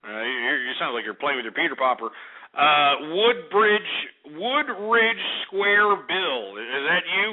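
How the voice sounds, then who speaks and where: A man's voice: a little high, sing-song, a little slow. A man from Texas hosting a call-in radio show, abrasive and insulting toward callers. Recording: tinny phone-quality radio recording.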